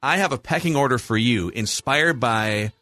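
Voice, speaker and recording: A man's voice: medium pitch, lively intonation, normal speed, sharp tone, dry recording, soft background music. A man in his forties with a Minnesota accent, hosting a casual sports podcast and eagerly running through rankings. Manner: enthusiastic, lists rankings. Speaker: podcast host.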